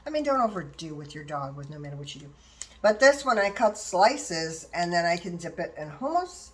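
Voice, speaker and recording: A woman's voice: fairly low pitch, sing-song, normal speed. An older woman chatting casually to viewers in her kitchen, rambling as she shares plant-based diet tips while making a salad. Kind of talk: casual how-to chat while preparing food.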